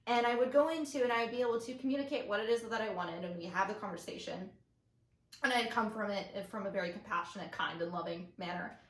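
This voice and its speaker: A young woman co-hosting a podcast, telling stories in an animated, expressive way. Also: mid-range voice, quick pace. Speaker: podcast co-host, daughter. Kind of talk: casual chat. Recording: roomy echo.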